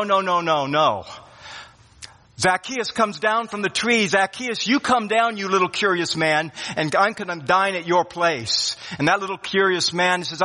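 A man's voice: fairly high pitch, pushed and bright. A man preaching a sermon as pastor, emphatic and repeating key words for weight. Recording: reverberant hall.

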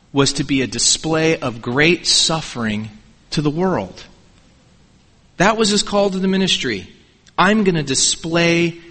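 A pastor preaches a sermon in a church sanctuary with a slightly high, bright, forceful voice, emphatically repeating key words for weight. Long reverb from the large church hall fills the recording.

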